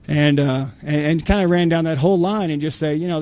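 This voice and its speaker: A man's voice: on the high side, fairly even intonation, normal speed, hardly any pauses, a little mellow. A man giving a conference talk, telling blunt, folksy stories with many restarts and fillers. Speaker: conference speaker on insider threats.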